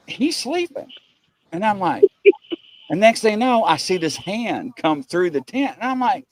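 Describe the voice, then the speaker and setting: A male show host telling a camping story in an animated, excitable way, laughing as he goes, on a video call. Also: high voice, normal speed, background noise.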